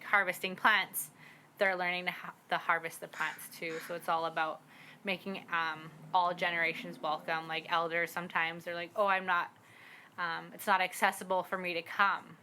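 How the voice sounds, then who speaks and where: A young woman from the Squamish Nation talks casually as a guest, a parent learning her language. Her voice sits a bit low yet sounds bright and forceful, full of fillers and laughter. She speaks outdoors in a garden, with a faint hum of ambience behind her. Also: rough recording. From Squamish Nation, British Columbia, Canada. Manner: chatty, many fillers, laughs and acts out quotes. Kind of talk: casual conversation.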